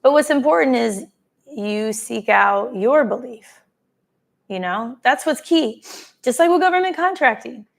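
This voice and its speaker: Woman, live-stream host, casual chat, gushing, gravelly, fairly high. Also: animated, measured pace. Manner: effusive, gushing, thanks viewers by name. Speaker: livestream host reading viewer comments. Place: travelling, streaming from a holiday spot.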